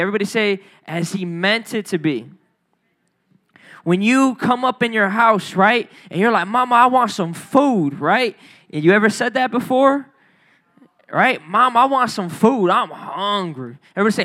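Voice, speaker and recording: A youth pastor giving a casual, playful sermon, joking with listeners by name and leading call-and-response lines. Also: male voice, high voice, sharp tone. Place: church room.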